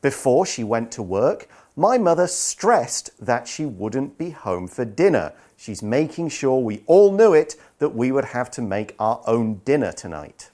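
A man explaining vocabulary for learners in a clear teaching voice. His pitch moves a lot, and he slips in dry, self-deprecating jokes along the way. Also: very animated, unhurried, hardly any pauses, mellow. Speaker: co-host of an English lesson podcast.

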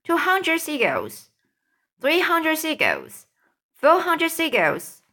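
A woman reading aloud and voicing a brave, quick-thinking young boy who gives urgent commands. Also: high voice, sing-song, sharp tone, voice pushed up, heavily acted.

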